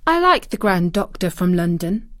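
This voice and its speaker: A woman voicing a stubborn, outspoken young girl in a storybook reading, pitching her voice up to sound insistent. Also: very animated, normal speed, fairly bright tone, dry recording, clean studio sound.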